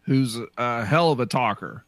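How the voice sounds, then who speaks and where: A man's voice: mid-range voice, expressive, a little slow, a bit bright, no echo, clean studio sound. A man, a guest ring announcer, giving confident opinions in casual chat.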